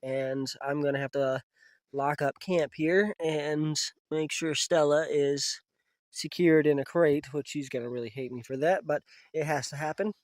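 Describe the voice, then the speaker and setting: A man vlogging at an outdoor camp in the woods, talking casually to the camera. He gets emotional and uses a soft voice with his pets. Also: on the high side, fairly even intonation, measured pace, no room sound, clean studio sound. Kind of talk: casual vlog talk to camera.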